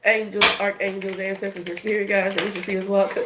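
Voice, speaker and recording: A woman giving a casual tarot reading in a brash, profane, animated way. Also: mid-range voice, fairly quick, reverberant, very noisy. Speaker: tarot reader.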